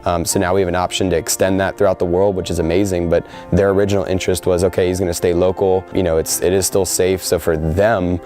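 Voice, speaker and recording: Young guy in his 20s, low mellow voice, rattles along fast in a heartfelt interview, lots of ums. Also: level tone, faint music behind. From United States. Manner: earnest, heartfelt, with frequent fillers. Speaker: soldier interviewed before deployment. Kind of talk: sit-down interview.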